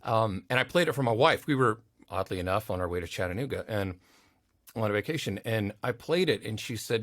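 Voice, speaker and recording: This podcast guest, an audio engineer, speaks quickly in a fairly low voice, telling loose interview stories and animatedly performing the voices of the people he quotes. The sound is studio quality with no echo.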